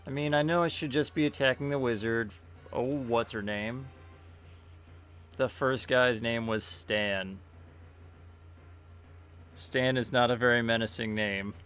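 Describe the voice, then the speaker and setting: A man streaming a tactics game, thinking aloud in a relaxed, casual way with many fillers. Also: mid-range voice, measured pace, pauses often, smooth. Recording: faint game music behind.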